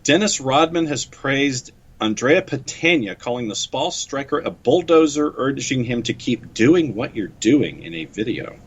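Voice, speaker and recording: Man, mid-pitched voice, dull lo-fi sound, wry casual co-host reading sports news. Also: lively intonation, a little slow, hardly any pauses, breathy edge. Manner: wry, reads news items aloud. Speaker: podcast co-host. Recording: muffled lo-fi audio.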